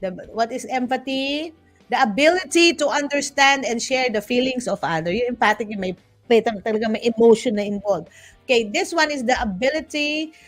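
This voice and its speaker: A woman's voice: a little high, a little fast, faint music behind. A woman with a Filipino accent hosting a casual talk show, chatting with playful asides and frequent restarts. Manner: chatty, switching between English and Tagalog; restarts often and teases herself with playful asides.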